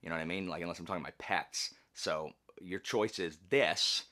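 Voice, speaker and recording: Man, very low voice, earnest, rambling, casual book review vlog. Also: a little fast, sharp tone. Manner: earnest, rambling, with many restarts and fillers.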